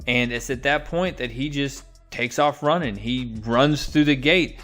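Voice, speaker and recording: Animated man recapping a comic. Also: medium pitch, unhurried, soft background music. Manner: animated retelling, acts out quotes. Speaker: comic book reviewer.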